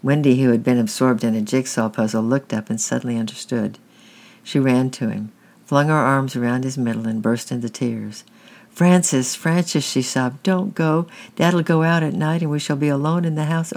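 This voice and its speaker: A man reading a children's novel aloud in a plain, unhurried way, with occasional slips. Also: mid-range voice, gravelly, a little mellow. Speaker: reader.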